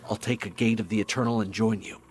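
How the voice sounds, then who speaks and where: A man's voice: lowish voice, steady tone, quick pace, darkish tone, slight background noise, lightly acted. An actor playing a grave, commanding male commander in a video game who orders the hero to slay the corrupted. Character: stern male commander rescuing prisoners from dragons. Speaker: game character. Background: game music.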